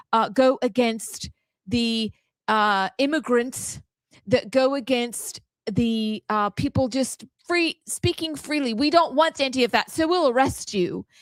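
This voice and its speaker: A woman's voice: a little high, no room sound. A woman putting on a British accent to voice a prim, indignant British woman declaiming for her nation in a comic impression. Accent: British, put on. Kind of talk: comic impression on a talk show.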